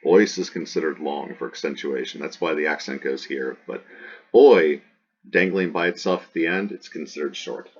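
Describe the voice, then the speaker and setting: A man's voice: very deep voice, fairly quick, hardly any pauses, slightly rough, highs cut off. A man teaching ancient Greek grammar, chanting word forms in a sing-song and explaining patiently. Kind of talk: recorded grammar lesson.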